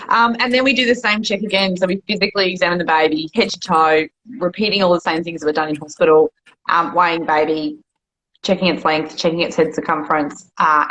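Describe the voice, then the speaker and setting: A woman's voice: sits low, slight background noise, poor audio. A woman doctor, chatting casually on a podcast and explaining things with plenty of fillers. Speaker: GP guest.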